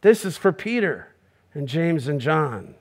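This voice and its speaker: High-voiced pastor preaching emphatically. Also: male voice, big pitch swings, measured pace, slightly rough. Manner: emphatic, full of rhetorical questions; acts out quoted voices. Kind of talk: sermon.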